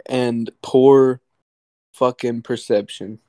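A man's voice: mid-range voice, fairly even intonation, slow pace, mellow, dry recording. A man co-hosting a podcast, chiming in with short, profane remarks in casual chat. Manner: terse, profane interjections. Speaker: podcast co-host.

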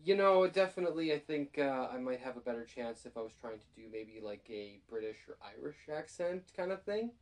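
Very deep-voiced, teasing woman co-host. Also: animated, a little fast, hardly any pauses, a little mellow. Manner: teasing, rambling, with many fillers. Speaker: podcast co-host. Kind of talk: casual chat.

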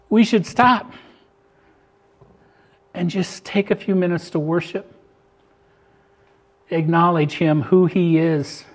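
An older male pastor with a fairly high voice preaches to his congregation. As he reads and explains scripture, he swings between loud, climbing emphasis and soft, thoughtful musing.

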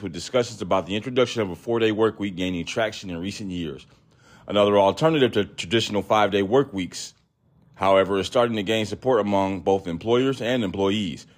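A man hosting a podcast, telling a story in a casual, profane, animated way, acting out other people's voices. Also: lowish voice, fast. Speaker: podcast host.

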